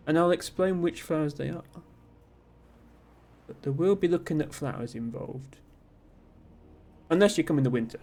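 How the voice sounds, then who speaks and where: Chatty Southern English man, higher voice. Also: lively intonation, moderate pace, pauses often, darkish tone. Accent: generic Southern English. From Somerset, southwest England. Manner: chatty, self-deprecating, rambling with many ums. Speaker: streamer. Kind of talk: casual chat reading out viewer messages.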